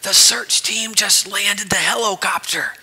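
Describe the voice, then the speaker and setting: A hiding child's high whisper. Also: male voice, measured pace, in a large hall, heavily acted, rough recording. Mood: hushed whisper. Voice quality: breathy whisper. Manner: hushed, secretive. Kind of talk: whispered role-play.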